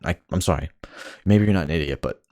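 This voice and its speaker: A man's voice: extremely low pitch, fast, a little mellow, dry recording, studio quality. A young man in a rambling, profane monologue full of frustration, talking to himself about life and speech. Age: young adult. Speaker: vlogger. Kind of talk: ranting monologue.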